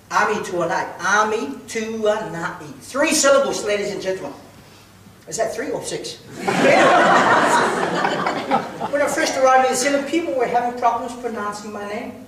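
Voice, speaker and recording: Man doing a funny speech, high voice, deadpan, super echoey from far off, loud noise. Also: normal speed. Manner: comic storytelling, deadpan delivery. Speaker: speech contestant. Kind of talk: humorous speech. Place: large hall with audience.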